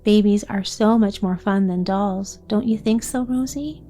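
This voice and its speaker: A woman's voice: medium pitch, measured pace, soft background music, close to an everyday voice. A woman voicing an eager, kindly little girl in a bedtime story reading. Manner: eager, polite and warm-hearted. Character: cheerful little lame girl.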